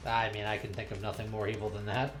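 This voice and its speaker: A woman's voice: very deep voice, flat delivery, fast talker, soft background music. A woman co-hosting a gaming video, chatting casually during co-op gameplay with a dry, wry sense of humor. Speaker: co-host of a gaming channel. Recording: roomy, echoey room.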